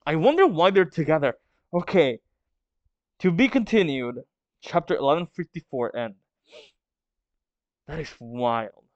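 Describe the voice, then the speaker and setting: A man's voice: a little high, clean tone, no room sound, highs cut off. A man hosting a manga reaction video, reading the chapter aloud and thinking aloud about it.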